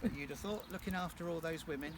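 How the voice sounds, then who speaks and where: Speaking quickly in a higher voice, a man in his thirties leads a chatty, joking tour of farm fields, full of teasing asides. The outdoor recording is distant, with field noise and crowd sounds in the background.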